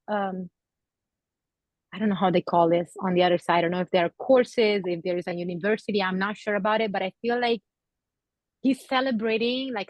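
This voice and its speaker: A woman gives a psychic gallery reading in a gentle, hesitant voice full of pauses and fillers. She speaks at a middling pitch and sounds emotional. The recording is dry and close. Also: dry recording. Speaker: psychic medium. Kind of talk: gallery reading to an audience member.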